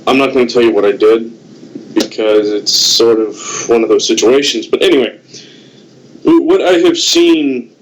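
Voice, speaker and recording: A middle-aged man from the United States, a guest on a Skype call, giving blunt, deliberate political opinions. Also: mid-range voice, slight background noise, rough recording. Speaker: guest, host's father.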